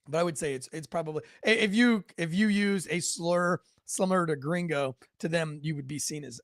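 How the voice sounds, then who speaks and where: Male commentary host, slightly high voice, dry close sound, rambling, sarcastic. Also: no echo. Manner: rambling, sarcastic asides, frequent self-corrections. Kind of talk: casual news commentary. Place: home.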